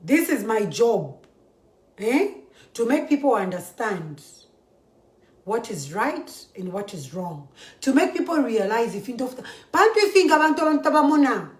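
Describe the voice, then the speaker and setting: A woman's voice: a little high, sing-song, moderate pace, echoey room. A Zambian woman giving an impassioned political monologue, mixing English with a local language and often asking "eh?". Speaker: social media commentator.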